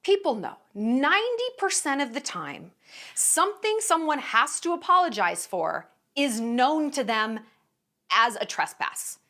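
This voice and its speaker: A woman's voice: sits high, sing-song, measured pace, bright, forceful tone. A woman giving casual opinion commentary in a blunt, profane and emphatic way, sarcastic and indignant. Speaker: commentary vlogger.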